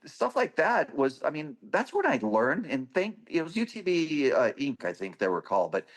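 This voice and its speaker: A man's voice: fairly high pitch, huge pitch swings, normal speed. A man, a guest on a podcast, telling stories about designing parts in an eager, anecdotal way. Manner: enthusiastic, anecdotal storytelling. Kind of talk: casual podcast interview.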